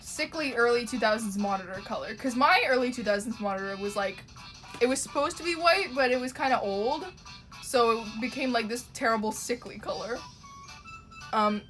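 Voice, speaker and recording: A woman's voice: on the high side, fairly bright tone. A young woman from Ontario with a Toronto Canadian accent, chatting casually and rambling with swearing while she draws on a live stream.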